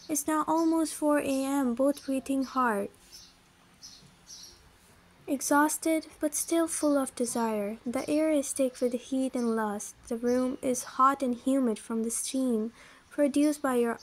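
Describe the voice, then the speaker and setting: A woman narrating a first-person romance story in a smooth, even reading manner. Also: high-pitched, a little hiss or hum, rough recording.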